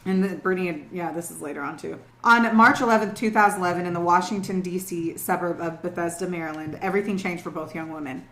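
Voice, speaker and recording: A woman's voice: on the low side, fast, few pauses, a bit bright. A young woman co-hosting a podcast, telling a true-crime story in casual, profane, emphatic chat. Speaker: podcast co-host. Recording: roomy echo.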